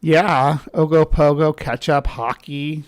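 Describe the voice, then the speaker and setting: A woman's voice: deep voice, steady tone, takes it slowly. Rambling woman hosting a livestream. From central United States, between the South and upper Midwest. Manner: rambling, self-interrupting, chats with viewers. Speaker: livestream host. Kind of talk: casual live-stream chat.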